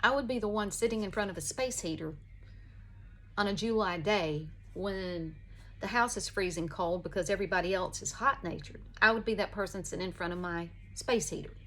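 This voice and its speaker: A woman's voice: mid-range voice, a little fast, fairly bright tone. A woman, chatting casually in a folksy, rambling way while doing her makeup at home. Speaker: vlogger.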